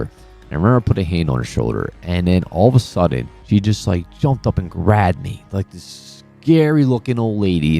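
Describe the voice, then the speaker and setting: A man's voice: low voice, dark tone. A man hosting a horror gaming channel, telling a personal story in a casual vlog with earnest, emphatic insistence that it is true.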